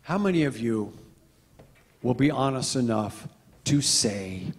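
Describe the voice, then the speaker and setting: A middle-aged male pastor preaching a storytelling sermon, his mid-pitched voice carrying a gravelly edge. He swings between loud, animated moments and hushed asides. The long church-hall reverb trails behind every phrase. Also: takes it slowly. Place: church sanctuary.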